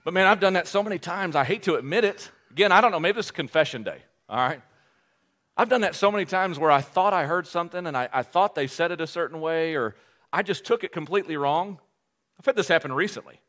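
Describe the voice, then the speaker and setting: A male pastor preaching a sermon, animated and joking at his own expense, often restarting his phrases. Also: on the high side. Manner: animated, joking, self-deprecating, with quick restarts.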